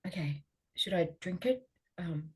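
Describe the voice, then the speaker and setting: An Australian woman improvising a comedy scene in a giggly, playful way, with halting restarts. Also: fairly low pitch, lively intonation, slightly rough.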